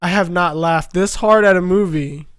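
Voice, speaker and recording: A man co-hosting a casual movie review chat, animated and jokey, often laughing and swearing. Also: high-pitched, moderate pace, clear, resonant tone, no echo, clean studio sound. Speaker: podcast co-host.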